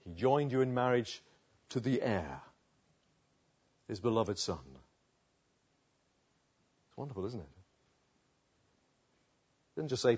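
A man preaching a sermon, dropping to a hush and then rising loud, slow and emphatic with long pauses. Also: mid-range voice, lively intonation, husky, lo-fi sound. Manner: dramatic swings between hushed and loud passages.

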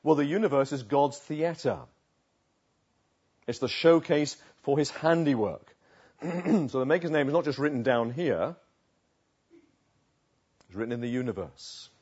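A man preaching a sermon, swinging between hushed asides and emphatic, rising declarations. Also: medium pitch, lively intonation, a little slow, long pauses, husky. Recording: dull lo-fi recording.

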